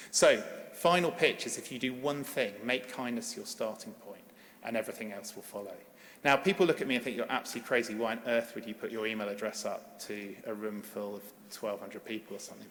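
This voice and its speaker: A man's voice: medium pitch, a bit bright. A middle-aged man, a paediatrician, giving a conference plenary in an earnest, emphatic way and urging the audience to act. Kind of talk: conference keynote speech. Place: large conference hall. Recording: long hall reverb.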